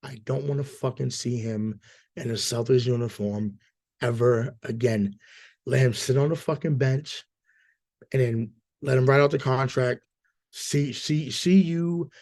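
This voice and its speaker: A hoarse man co-hosting a casual sports podcast, talking emphatically with lots of swearing and stammered repeats. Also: medium pitch, fairly even intonation, measured pace, darkish tone. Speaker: podcast co-host.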